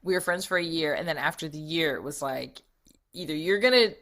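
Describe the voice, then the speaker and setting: Middle-aged woman guest, animated storyteller, bright and sharp voice, laughs often. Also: deep voice, fairly quick. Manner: lively, laughs often, acts out her own thoughts. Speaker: interview guest, TV writer.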